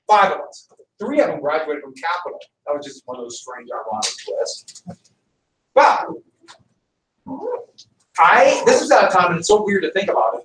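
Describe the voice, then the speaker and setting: Male teacher, lively storyteller voice, higher pitched, recorded from across an echoey classroom. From Montana, USA. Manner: animated storyteller, voices his characters. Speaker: high school history teacher. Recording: echoey classroom, mic at a distance.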